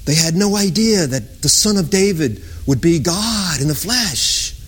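Impassioned high-voiced male preacher. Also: animated, a little slow, slightly rough. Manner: impassioned, swings from loud sung-out lines to hushed whispers. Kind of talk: sermon.

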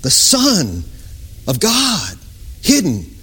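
Male preacher, high and animated, delivering a passionate sermon. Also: drawn-out words, husky. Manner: impassioned, swings from loud sung-out lines to hushed whispers.

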